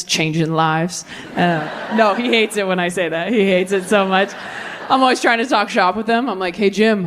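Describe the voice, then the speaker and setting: A young woman performing stand-up comedy on stage, wry and animated, jumping to high squeaks for emphasis. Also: slight background noise. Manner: wry, animated delivery with sudden high-pitched bursts. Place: comedy stage before a live audience.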